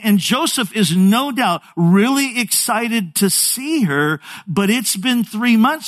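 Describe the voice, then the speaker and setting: High-voiced animated male preacher. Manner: animated storytelling, voices characters, stammering restarts. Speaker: pastor. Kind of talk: sermon with acted-out dialogue.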